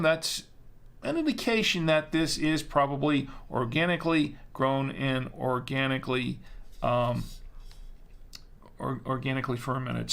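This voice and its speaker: A man's voice: a little high, vocal fry, fairly bright tone. A man hosting a casual live-stream wine show, chatty and self-deprecating, rambling with lots of fillers.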